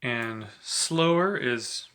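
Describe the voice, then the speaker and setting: A man giving a relaxed, chatty saxophone lesson, talking between played examples and filling his talk with "you know". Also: medium pitch, extremely slow. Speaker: saxophone teacher. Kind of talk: casual instructional talk between playing examples.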